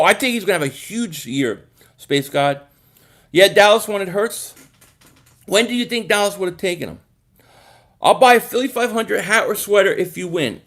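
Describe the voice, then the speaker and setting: A man's voice: sits high, fairly bright tone. A man hosting a live sports stream, reading viewer comments and chatting casually, often repeating words as he thinks aloud.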